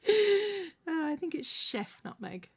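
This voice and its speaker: A woman's voice: very high-pitched, very animated, slow. A woman hosting a live stream, chatting casually while she sews crafts and thanks viewers, often restarting her sentences. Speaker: livestream host.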